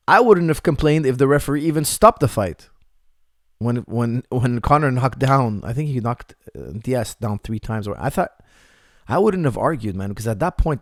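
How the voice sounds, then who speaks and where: A man's voice: medium pitch, expressive, moderate pace, no room sound, studio quality. A man, an MMA coach, answering viewer questions in a casual live chat, repeating points for emphasis.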